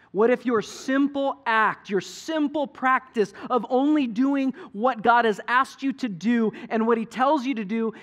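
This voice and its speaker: Preaching with a high-pitched voice, a middle-aged male pastor tells his sermon like a conversational, animated story and acts out people's quotes.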